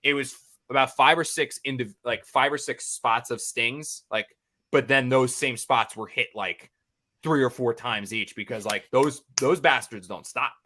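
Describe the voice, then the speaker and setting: A young man co-hosts a podcast and spins a long, rambling story. His voice is bright and forceful, sitting at an ordinary pitch. He talks in an animated way, full of fillers and false starts. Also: normal speed. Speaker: podcast co-host.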